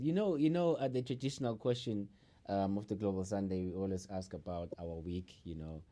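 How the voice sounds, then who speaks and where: A man hosting an online talk show in casual chat, laughing often, repeating words and filling pauses with ums. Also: fairly low pitch, warm tone. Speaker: show host.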